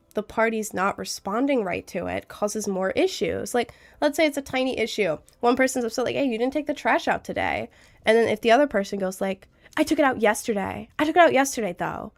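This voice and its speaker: A young adult female streamer chats casually with her audience, earnestly offering relationship advice and using lots of fillers. Her voice is medium-pitched and creaky.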